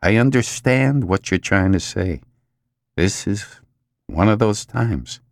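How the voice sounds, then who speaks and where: Man playing a quiet stunned male employee, weak voice, low and dry. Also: expressive, slow pace, vocal fry, dry recording, heavily acted. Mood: subdued. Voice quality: weak, subdued.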